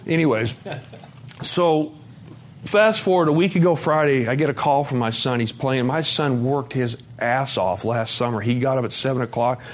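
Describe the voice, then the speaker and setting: A man's voice: mid-range voice, moderate pace. A middle-aged man from Montana giving a candid personal testimony at a recovery conference, blunt and profane, acting out the dialogue as he tells it. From Montana, USA.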